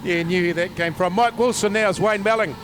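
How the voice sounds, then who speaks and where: A man's voice: high voice, brisk. New speedway commentator, man. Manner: chatty, folksy, calls the action. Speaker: race commentator. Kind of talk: live motorsport commentary. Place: outdoor speedway. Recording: loud engine noise outdoors.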